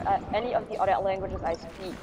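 A woman's voice: mid-range voice, steady tone, fast, a little mellow, distant mic. A young woman from Luxembourg, speaking English with a French accent and chatting casually with lots of "like" fillers. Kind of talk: casual chat on a livestream.

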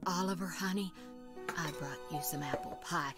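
Woman as a kindly older neighbour lady, motherly fussing tone, lowish voice, game music behind. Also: normal speed, close to an everyday voice. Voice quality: warm, motherly. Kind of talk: video game voice acting.

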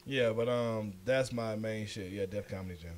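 A man's voice: on the low side, normal speed, darkish tone. A man co-hosting a podcast, chatting casually, joking, swearing and laughing often. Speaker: podcast co-host, comedian.

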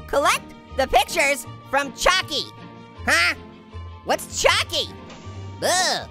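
A man's voice: very animated, drawn-out words, long pauses, bright, forceful tone, soft background music, heavily acted. A man voicing a hyper, wisecracking male cartoon orange who giggles and puns through comedic gameplay commentary. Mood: giggly hyper. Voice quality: squeaky, pitched-up cartoon voice. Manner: giggly, punning, jokey. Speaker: let's play host.

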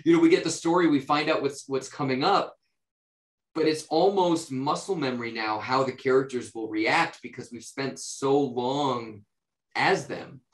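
A man from the United States, an actor, answering interview questions in a relaxed, rambling way, with lots of fillers and restarts. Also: mid-range voice, moderate pace. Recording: roomy echo.

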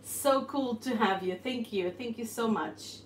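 A woman's voice: a little high, a little slow, echoey room, slight background noise. Bubbly woman hosting a live cooking stream. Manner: bubbly, greets viewers warmly. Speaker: cooking channel host. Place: home kitchen. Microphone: phone.

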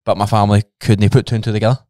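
A Scottish man with a fairly low, smooth, clear voice talks bluntly and casually on a podcast, swearing freely. The sound is dry and close to the mic. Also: level tone, very fast, a little mellow, no echo. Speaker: podcast guest.

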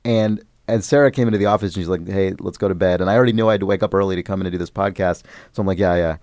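A man's voice: deep voice, steady tone, very fast, a little mellow, dry recording, clean studio sound. A man on a podcast, telling a long, rambling story about a video game in casual chat, often swearing and getting worked up. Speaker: podcast host.

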